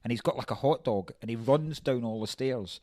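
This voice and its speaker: A man's voice: mid-range voice, fairly quick, dark tone, no room sound. A man co-hosting a casual film podcast, animatedly acting out movie quotes with laughter. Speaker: podcast co-host.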